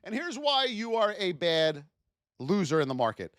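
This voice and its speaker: A man's voice: high voice, big pitch swings, moderate pace, fairly bright tone, no echo, clean studio sound. A man teaching a live trading class, speaking animatedly to his chat and acting out traders' frustrated self-talk. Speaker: trading instructor.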